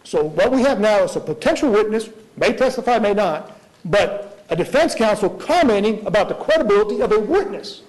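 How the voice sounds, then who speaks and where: A prosecutor makes his case in a courtroom, firing off one pointed rhetorical question after another. His voice sits unusually high for a man. He talks in an argumentative style. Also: animated, a little fast, a little mellow, poor audio. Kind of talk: courtroom argument before a judge.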